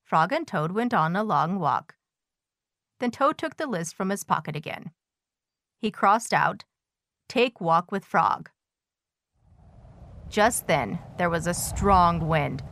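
A woman reads a children's storybook aloud, unhurried and with a lively rise and fall in her voice. The pace is slow and careful. The sound is dry and close. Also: on the low side, no room sound. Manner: slow, expressive reading.

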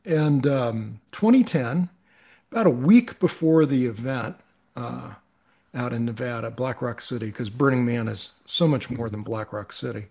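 Middle-aged male guest, gravelly and mid-pitched, earnest storyteller who often restarts. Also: unhurried, darkish tone. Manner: earnest, reflective, with frequent restarts. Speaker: podcast guest. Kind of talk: personal storytelling in conversation.

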